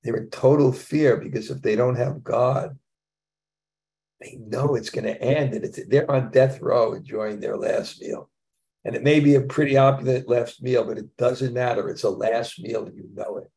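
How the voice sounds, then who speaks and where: A man's voice: medium pitch, fairly even intonation, normal speed, creaky, warm tone. A man teaching a scripture class in a casual, conversational way, with chuckling asides.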